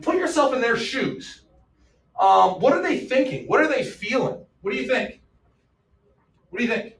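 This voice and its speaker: A man teaching a history class, joking around and firing questions at his students. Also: sits high. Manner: animated, joking, fires off questions. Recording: echoey classroom, mic far off.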